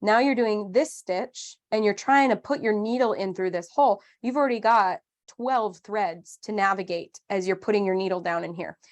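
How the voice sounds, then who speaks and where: Teaching a live craft lesson online, this thirty-something woman keeps things upbeat and chatty. Her mid-range voice moves at a moderate pace with few pauses, and she explains every step with playful asides in a friendly, conversational way.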